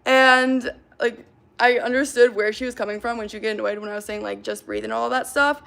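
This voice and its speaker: A woman's voice: on the high side, steady tone, fairly quick, creaky, a bit bright. A woman in her twenties chatting casually on a livestream from her apartment, rambling and reading out comments with lots of "like" fillers. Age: 20s. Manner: rambling, heavy use of "like" fillers. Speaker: livestream host.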